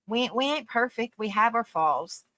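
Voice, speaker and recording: A woman hosting a live-stream panel rambles loosely and sincerely to her audience, often dropping "you know" between thoughts. Her voice is bright, forward, a little high, and animated at a normal speed. The recording is dry and close, with no echo or room sound.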